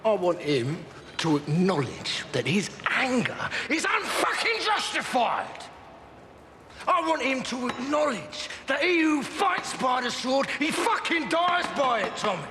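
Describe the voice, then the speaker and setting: A volatile gangster boss who rambles, swears and threatens, his voice sitting high and swinging wildly up and down. Background noise runs under every line of this crime drama scene. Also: exaggerated voice. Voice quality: rambling, profane, menacing. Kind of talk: television crime drama acting. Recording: film soundtrack with background noise.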